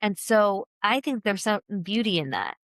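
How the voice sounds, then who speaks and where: A woman's voice: medium pitch, big pitch swings, normal speed, no echo. A woman hosting a podcast interview, talking in an open, chatty, rambling way. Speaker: podcast host.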